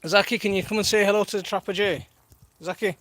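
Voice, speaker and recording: A man's voice: sits high, steady tone, a little fast, fairly bright tone, no room sound. A man in his thirties chatting casually on a live stream from his garden while minding his toddler, laughing often and reading viewer comments aloud. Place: outdoors in a garden.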